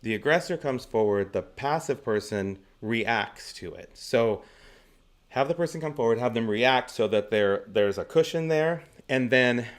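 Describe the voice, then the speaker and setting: A man's voice: medium pitch, expressive, a little slow. A man in his forties, a guest actor on an interview show, telling chatty anecdotes and laughing often between stories. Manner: gives practical stage tips.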